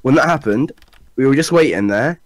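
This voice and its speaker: A man's voice: medium pitch, lively intonation, brisk, dry recording. A young man telling crude school stories to friends, laughing often. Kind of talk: casual storytelling with friends.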